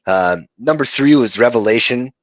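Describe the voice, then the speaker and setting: A man's voice: mid-range voice, expressive, normal speed, dry recording. A man co-hosting a music podcast, chatting casually, blunt and swearing freely. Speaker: podcast co-host.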